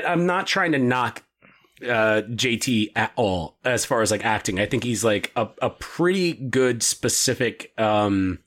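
A male podcast co-host in loose, casual conversation. He rambles, restarts his sentences and leans on fillers, at an average pitch for a man. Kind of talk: casual chat.

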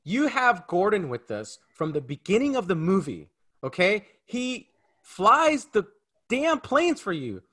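Animated bright-voiced man ranting about a film. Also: high-pitched, unhurried, husky. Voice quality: married. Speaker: film review podcast co-host. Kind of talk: casual film review chat.

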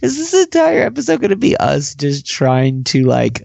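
A man's voice: fairly high pitch, wildly swooping pitch, moderate pace, vocal fry, a little mellow, no room sound. A man co-hosting a casual podcast, cracking goofy jokes. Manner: goofy, wisecracking. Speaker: podcast co-host.

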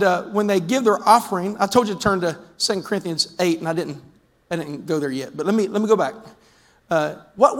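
A man preaching a lively, conversational sermon as pastor, breaking into sudden shouts. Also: high-pitched, big-room sound. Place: church sanctuary.

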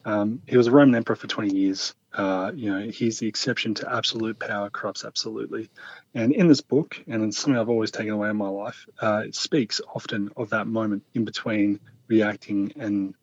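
A man speaking as an interview guest, telling a personal story in a calm, earnest, reflective way. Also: fairly low pitch, a little fast, no room sound, lo-fi sound.

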